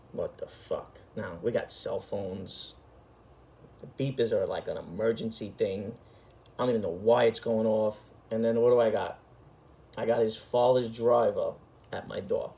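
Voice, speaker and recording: With a lowish, mellow voice, vocal fry, and fairly even intonation at normal speed, this middle-aged storyteller host recounts a story casually. His telling is emphatic, street-talking, and full of profanity.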